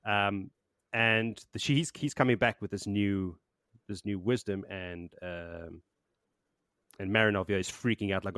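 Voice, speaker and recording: A man's voice: fairly low pitch, steady tone, normal speed, a bit bright, no echo, clean studio sound. A man hosting a podcast, chatting casually and rambling as he recaps a book, laughing and swearing now and then. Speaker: podcast host.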